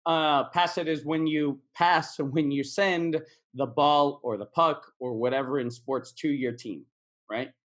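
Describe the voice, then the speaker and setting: A man's voice: fairly high pitch, steady tone, a little slow, fairly bright tone. A man teaching English in a casual video lesson, repeating words and phrases for practice.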